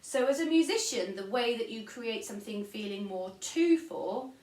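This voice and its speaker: A woman's voice: a little high, expressive, moderate pace, a little mellow, recorded from a distance. A woman with an English accent teaching a recorded online music lesson, patiently explaining and counting beats aloud. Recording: echoey room, voice from off-mic.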